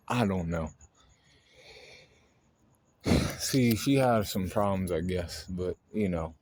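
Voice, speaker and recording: Low-voiced man rambling casually. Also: a little mellow. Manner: rambling, lots of fillers and swearing. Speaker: anime video host. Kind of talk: casual chat.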